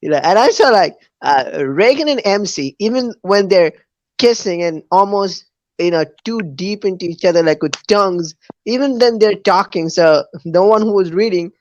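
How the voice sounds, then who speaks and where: A young adult podcast host in casual chat, hesitant and filling pauses with many fillers. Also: medium pitch, expressive, no room sound, lo-fi sound. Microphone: online podcast recording app.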